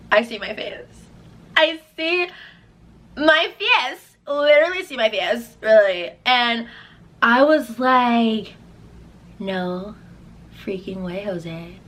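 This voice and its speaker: A young woman telling a casual storytime vlog, acting out her own quotes with big jumps in pitch. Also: drawn-out words, pauses often, a bit bright. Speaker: singer and vlogger.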